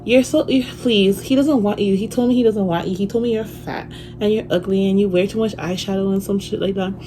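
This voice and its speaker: A woman's voice: mid-range voice, fairly even intonation, a little fast, pitched above the performer's own voice, close to an everyday voice. A woman voicing a smug young woman on the phone, mocking and insistent in a sing-song way, in a noisy phone recording. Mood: taunting.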